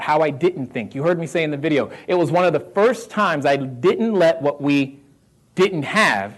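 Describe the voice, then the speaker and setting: Animated motivational man, laughing often. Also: a little high. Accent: Southern American. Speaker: real estate investor speaking to a live audience. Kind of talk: motivational talk.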